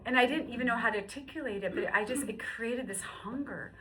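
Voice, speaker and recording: A woman in her fifties telling her personal faith story, moving between hushed, whispered passages and excited, high-pitched bursts. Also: a little fast, crowd noise, poor audio. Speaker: guest sharing testimony. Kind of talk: emotional personal testimony.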